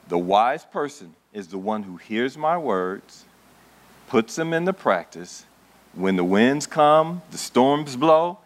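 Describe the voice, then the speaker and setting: A man delivers a sermon to a gathered congregation. He repeats key lines for weight, asks the room questions, and swings between measured stretches and bursts of emphasis. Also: medium pitch. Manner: preaching with rising emphasis, rhetorical questions to the congregation. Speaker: pastor. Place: church in front of a congregation.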